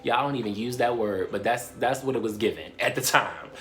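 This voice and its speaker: A young man from Baltimore with a Baltimore accent, telling a personal story to camera in a lively, profane way and addressing viewers as "y'all". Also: fairly low pitch, fairly quick, a little hiss or hum. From Baltimore, USA. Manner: animated, swears a lot, laughs often, addresses viewers as "y'all". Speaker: storytime vlogger.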